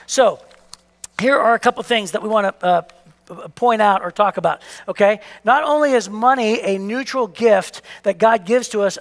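Animated high-voiced male pastor preaching. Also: long reverb tail. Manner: animated storytelling, acts out voices. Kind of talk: sermon. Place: church hall.

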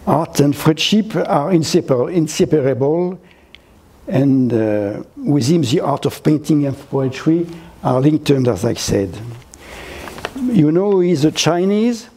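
An older man from France with a French accent, giving a gallery lecture in halting English, full of fillers and restarts. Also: a little high, expressive, dark tone, husky. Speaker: guest lecturer. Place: lecture hall, seated.

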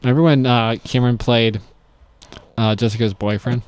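A man's voice: medium pitch, steady tone, normal speed, darkish tone, a little hiss or hum. A man hosting a casual podcast, teasing and jokey with his co-hosts. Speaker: podcast host.

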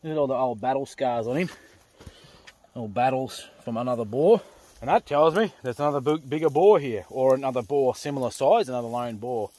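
An Australian man talking casually to camera outdoors, rough-spoken and swearing freely, out of breath from hauling a load. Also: mid-range voice, a little fast, dark tone. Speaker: pig hunter. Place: outdoors in the bush.

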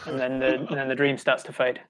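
A man with a New Zealand accent narrating as game master, talking in a halting way with many restarts. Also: mid-range voice, monotone, fairly bright tone. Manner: halting, full of ums and restarts.

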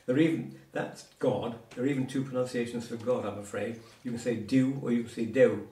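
Speaking fast in a steady, dark, mid-range voice, a man gives an informal private lesson on Cornish words. He explains patiently, weaving in asides and examples, and sounds distant in a roomy recording.

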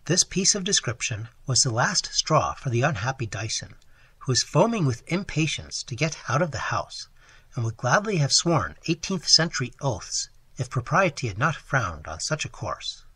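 Hoarse male audiobook narrator, lively and bright. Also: medium pitch, normal speed, no room sound. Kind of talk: scripted narration.

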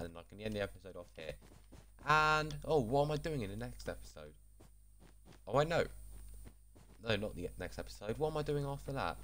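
A man's voice: fairly low pitch, fairly bright tone. A man casually commenting while building in a video game, chatty, rambling and self-deprecating. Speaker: gaming channel host.

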